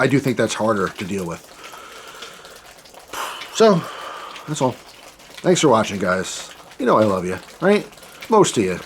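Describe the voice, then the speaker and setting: A man's voice: medium pitch, a little hiss or hum. Candid self-deprecating man vlogging. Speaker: channel host. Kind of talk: candid personal vlog.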